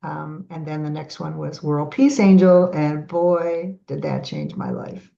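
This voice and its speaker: A middle-aged woman guest on a podcast, telling stories in a lively way and acting out the voices of the people in them. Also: low-pitched, unhurried, vocal fry. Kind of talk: animated storytelling in a podcast interview. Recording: dull lo-fi audio.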